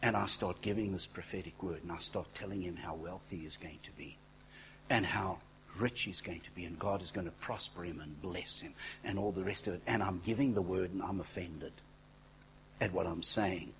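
A man preaching a sermon, telling stories in a conversational way, dropping to near-whispers and then rising to loud exclaiming, with asides to the congregation. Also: sits low, moderate pace, gravelly, slight background noise, poor audio. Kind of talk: sermon with storytelling.

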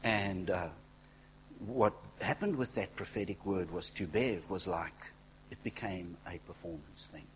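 Animated low-voiced man preaching. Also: a little slow, slight background noise, low-quality recording. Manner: swings from hushed near-whispers to loud exclaiming; animated, conversational preaching with asides to the congregation. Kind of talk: sermon with storytelling.

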